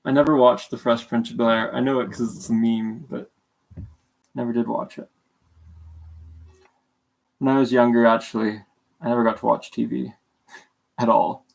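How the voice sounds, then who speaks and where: A man's voice: medium pitch, little pitch movement, moderate pace, vocal fry, long pauses, a little mellow. A young man from Canada, chatting casually on a livestream, rambling and self-deprecating, with a sore throat and sounding sleepy. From Calgary, Canada. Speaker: streamer.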